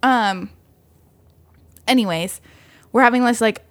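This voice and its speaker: Animated young woman telling a story. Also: fairly high pitch, slow, dry recording. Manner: animated, laughs often, acts out quoted voices. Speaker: podcast co-host. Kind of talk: casual storytelling chat.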